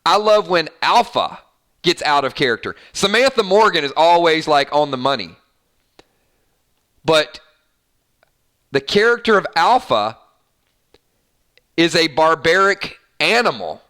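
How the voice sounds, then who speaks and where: Male host, casual episode commentary, lively pitch, slow and halting. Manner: animated, with frequent stammered restarts. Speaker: YouTube show host.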